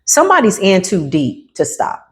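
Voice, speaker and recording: A woman giving a spiritual tarot reading in a sassy, emphatic manner, repeating lines for effect and jumping into high exclamations. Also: wildly swooping pitch, moderate pace. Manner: swings into high exclamations and asides. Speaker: tarot reader.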